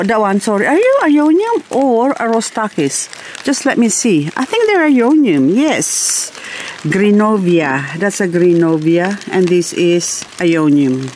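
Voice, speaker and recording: Slow-talking Australian woman chatting outdoors. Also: sits low, darkish tone, a little hiss or hum. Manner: rambling, talks to her plants. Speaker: gardening vlogger. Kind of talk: casual vlog chat while walking. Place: outdoor garden in the rain.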